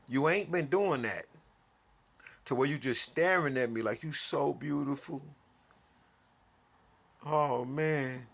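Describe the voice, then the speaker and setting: Venting a grievance, this male vlogger delivers a heated, profane rant full of restarts and repetition. His voice is a little high, creaky, and fairly bright.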